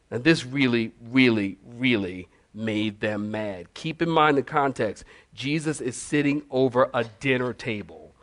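A male pastor preaching a sermon, animated and storytelling with laughing asides. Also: mid-range voice, moderate pace.

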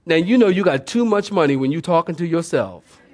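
An older man preaching a sermon as pastor, animated and folksy, calling out to the congregation and asking them to follow along. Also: a little high, brisk. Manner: animated preaching with audience call-outs; folksy, conversational.

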